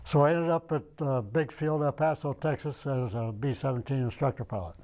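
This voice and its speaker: An older veteran from Michigan, United States, is interviewed for an oral history, rambling and searching his memory aloud. His voice is mid-range and a little mellow, and he talks fairly quickly.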